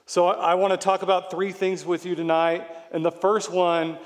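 A man's voice: high-pitched, flat delivery, normal speed, big-room sound. A middle-aged man preaching a sermon as pastor, explaining scripture in an earnest, emphatic way.

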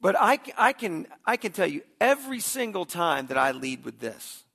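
A man's voice: high-pitched, big pitch swings, normal speed, vocal fry, a bit bright, slightly rough. A middle-aged man preaching a sermon in a conversational way, often restarting words as he begins a thought. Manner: conversational, repeats words when starting sentences. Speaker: pastor.

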